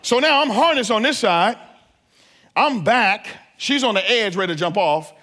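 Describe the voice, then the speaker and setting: A man preaching as a pastor, telling a family story with lively asides to the congregation. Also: high voice, moderate pace. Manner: animated, acts out family scenes. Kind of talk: sermon.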